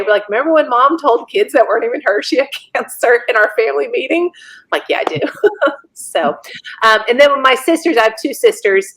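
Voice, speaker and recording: A woman, a podcast guest telling a personal story in a lively way and laughing often. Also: on the high side. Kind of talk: casual storytelling.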